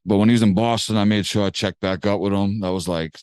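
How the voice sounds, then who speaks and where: A man's voice: on the low side, steady tone, fast, a little mellow, smooth, dry recording. A man from Massachusetts, a music producer, telling a story in a slangy, laid-back way on a podcast. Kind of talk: casual storytelling interview.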